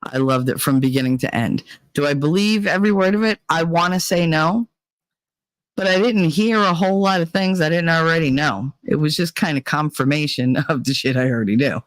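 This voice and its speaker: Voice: mid-range voice, a little fast, no echo, low-quality recording. A livestream host chatting casually and profanely with viewers, rambling, laughing and humming filler tunes between thoughts. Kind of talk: casual rambling chat to a live chat.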